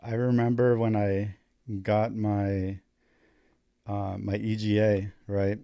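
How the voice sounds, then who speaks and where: A man's voice: lowish voice, flat delivery, takes it slowly, gravelly, clear, resonant tone, dry recording, studio quality. A man in his thirties, a paramedic and Marine veteran, telling stories in casual, profane chat. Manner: profane, laid-back storytelling that grows loud and laughing.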